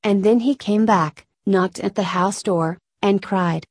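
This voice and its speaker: A woman reading a classic fairy tale aloud in an even, unhurried storybook manner. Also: medium pitch, breathy edge, no room sound.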